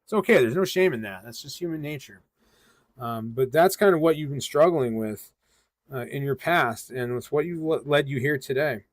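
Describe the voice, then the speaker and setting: A man's voice: medium pitch, normal speed, no echo. A man from western Massachusetts hosting a live tarot reading, talking casually with a loose, rambling flow and plenty of ums and uhs. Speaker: tarot reader hosting a livestream.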